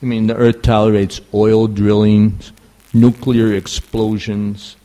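New york guy teaching a scripture class, slow and halting, lots of fillers. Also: on the low side, level tone, dark tone. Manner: halting, many fillers and restarts. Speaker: spiritual teacher.

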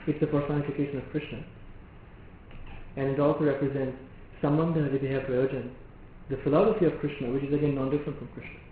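A man delivers a devotional lecture, explaining step by step and pausing on rhetorical questions. His voice rings through a very echoey hall. The sound is thin and phone-like, with a faint hiss of ambience behind it. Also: medium pitch, fairly even intonation. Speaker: preacher.

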